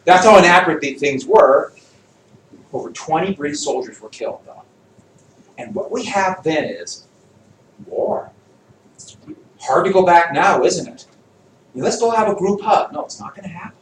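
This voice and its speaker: A man teaching a history lesson to a class, lively and jokey, quizzing his students as he goes. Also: high-pitched, moderate pace, long pauses, slight background noise. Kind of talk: classroom lecture with student questions. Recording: echoey classroom, voice from far off.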